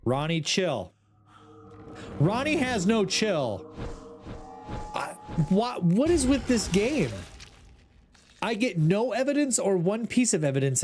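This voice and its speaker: A man's voice: sits high, a little mellow. A man streaming a ghost-hunting game, talking to his chat in an exasperated, joking way. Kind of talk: casual gameplay commentary.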